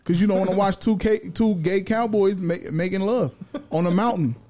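A man co-hosts a podcast in loose, argumentative chat. His voice sits a little high with a mellow, soft-edged tone. He jokes around and restarts his words often. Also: normal speed. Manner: argumentative, jokey, repeats words. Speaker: podcast co-host. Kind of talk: casual debate chat.

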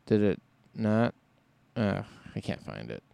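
A man's voice: lowish voice, big pitch swings, slow pace, creaky, mellow, clean tone, no room sound. A man hosting a solo podcast in casual chat, rambling and thinking aloud as he goes. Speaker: podcast host.

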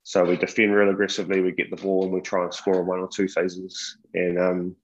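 Lo-fi New Zealand man, lower voice. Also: completely flat delivery, brisk. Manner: earnest, explanatory, with many restarts and "mate". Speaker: rugby defence coach. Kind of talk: podcast interview answers.

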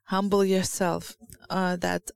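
A woman with a Lithuanian accent preaches slowly in a low, gravelly voice that stays flat. She gives an informal sermon, pausing often to search for words before reading scripture aloud. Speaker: church speaker.

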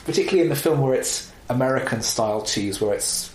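A man chatting casually about films, animated and wry, with exasperated asides. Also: medium pitch, quick pace. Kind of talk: casual film chat. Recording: roomy echo, faint background noise.

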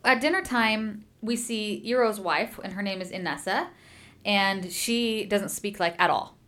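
A woman's voice: mid-range voice, measured pace. A woman hosting a book podcast, chatting through a story recap and acting out the quotes. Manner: chatty, animated, acts out quotes.

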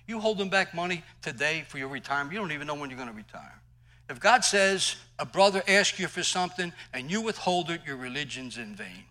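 A man's voice: on the high side, lively intonation, a little fast, sharp tone, low-quality recording. A male pastor preaching a sermon in an emphatic, conversational way, mixing scripture with personal stories.

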